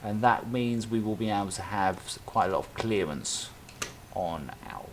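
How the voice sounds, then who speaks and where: A man's voice: on the low side, moderate pace, a little hiss or hum. A man live-streaming a game, chatting casually and thinking aloud as he builds, with plenty of self-talk and little tangents. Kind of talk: casual live-stream commentary while playing.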